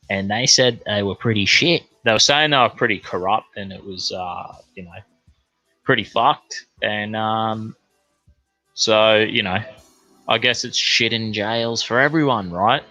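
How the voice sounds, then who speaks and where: An Australian man goes on a casual, rambling rant, swearing constantly and filling it with fillers and tangents. His low voice comes across bright and forceful, while quiet music plays faintly behind him in a rough recording with no room sound.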